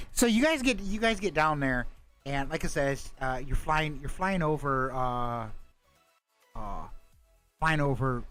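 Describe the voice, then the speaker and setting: Slow, profane game master man. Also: medium pitch, fairly bright tone. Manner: profane, joking, hesitant with many fillers. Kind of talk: casual tabletop game narration.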